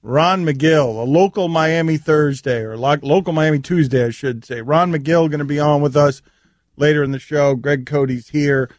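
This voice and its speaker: A man's voice: a little high, moderate pace, no echo. A man hosting a sports radio show in a studio, bantering and teasing his co-hosts in a wry, rambling way. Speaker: host. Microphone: studio mic.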